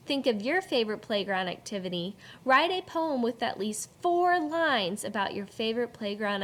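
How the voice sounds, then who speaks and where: A woman teacher giving a slow, clearly paced reading lesson to children from home. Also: on the high side, fairly bright tone. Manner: slow, clear teacherly delivery, stretching key words.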